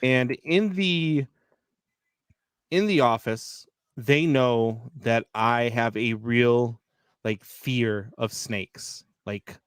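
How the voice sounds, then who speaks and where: A man co-hosting a live sports talk show, telling stories in a lively, filler-heavy way. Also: medium pitch, drawn-out words, clear, resonant tone, no echo, studio quality. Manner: animated storyteller, many fillers. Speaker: podcast co-host. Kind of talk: casual live sports chat.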